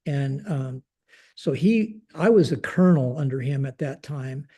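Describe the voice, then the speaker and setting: A man's voice: mid-range voice, lively intonation, unhurried, dark tone, slightly rough. An older American man, a retired Air Force general, telling a story in a podcast interview and acting out the dialogue. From United States. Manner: conversational, acts out dialogue in quotes, frequent fillers.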